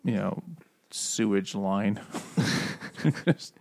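A man with an ordinary mid-range voice, bantering on a podcast. He cuts in with crude punchlines, voices quick mock quotes, and laughs easily between lines. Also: fairly low pitch, level tone, gravelly, a little mellow. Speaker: podcast co-host.

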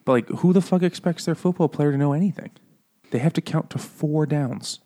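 A man's voice: on the high side, a little fast, dark tone. A man cracking crude jokes in a casual book-club podcast chat, acting out characters in silly voices. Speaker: podcast co-host.

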